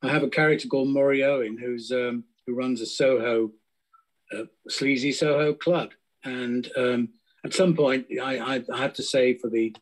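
A man's voice: mid-range voice, rough recording. A man, a crime novelist on a festival panel, speaking casually and hesitantly, with lots of ums and false starts. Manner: hesitant, many restarts and ums.

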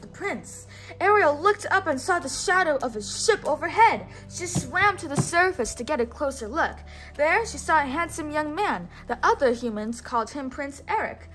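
A young woman reads a storybook aloud in a high, bright-toned voice, stopping often to coax a listener into repeating words. Her delivery is patient and encouraging, with soft music playing faintly behind her. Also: animated, moderate pace. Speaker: teacher.

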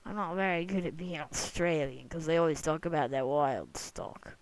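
A young adult rambling jokily through gameplay commentary, breaking into sudden excited whoops now and then. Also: mid-range voice, normal speed, hardly any pauses, slight background noise, rough recording. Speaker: gamer recording gameplay commentary. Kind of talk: casual let's-play commentary. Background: other people talking in the room.

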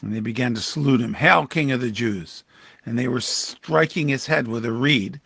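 A man's voice: mid-range voice, normal speed, creaky, fairly bright tone, breathy edge, no room sound. A pastor reading scripture aloud and commenting on it in a devotional Bible teaching, with sudden emphatic rises in his voice. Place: church livestream.

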